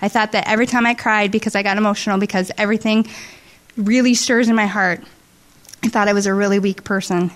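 A woman giving an emotional, halting testimony to a church congregation, tearful and heartfelt. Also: medium pitch, steady tone. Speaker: church member sharing testimony. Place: church service.

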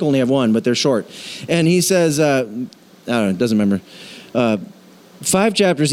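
A man preaching a casual, animated sermon in a church, acting out voices when he quotes. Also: sits high. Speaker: pastor.

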